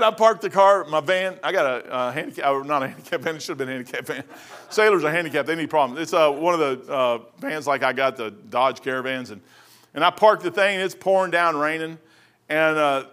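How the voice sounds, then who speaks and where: A man with a Kentucky accent preaches in a high, bright register. He tells stories in a folksy, joking, animated way, his voice swinging up and down as he goes. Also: fairly quick. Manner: folksy, jokey, animated storytelling. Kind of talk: storytelling sermon.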